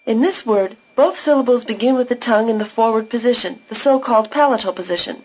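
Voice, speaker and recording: A woman with a fairly high voice narrates a recorded language lesson. She talks slowly and clearly, explaining pronunciation one step at a time. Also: darkish tone, low-quality recording. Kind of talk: scripted instructional narration.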